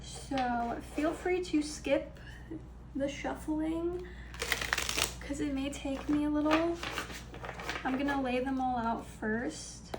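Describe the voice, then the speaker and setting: A young woman doing a casual, upbeat tarot card reading, chatty and full of ums and small laughs, with some vocal fry. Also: sits high, takes it slowly, long pauses, noisy background. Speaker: tarot reader.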